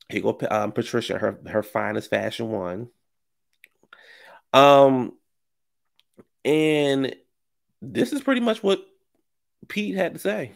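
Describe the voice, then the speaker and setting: A man's voice: mid-range voice, unhurried, vocal fry, long pauses. A man giving rambling, slangy commentary on reality TV gossip with lots of asides. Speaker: commentary vlogger.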